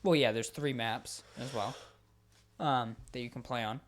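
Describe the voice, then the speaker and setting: This man co-hosts a podcast with an easy, casual delivery. He gets worked up quickly and swears freely. His thoughts come out in rapid, excited bursts. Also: medium pitch. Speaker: podcast co-host. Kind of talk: casual chat about video games.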